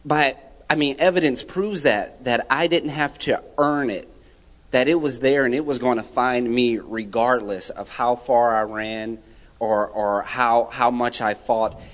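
Young man's animated testimony in a hall. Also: medium pitch, measured pace. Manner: animated storytelling, acts out quoted friends. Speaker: church guest giving a testimony. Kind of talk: personal testimony. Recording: hall reverb.

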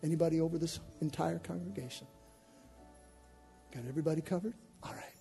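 Male pastor, gravelly and mellow, impassioned sermon, soft music underneath. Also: fairly high pitch, fairly quick. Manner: impassioned, swings from hushed to shouting. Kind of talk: sermon with altar call.

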